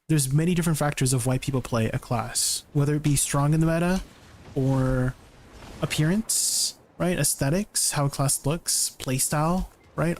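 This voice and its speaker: A man's voice: a little high, a little hiss or hum. Chatty male game streamer. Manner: chatty, answers chat questions, tags sentences with "right?". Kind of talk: casual livestream chat while gaming.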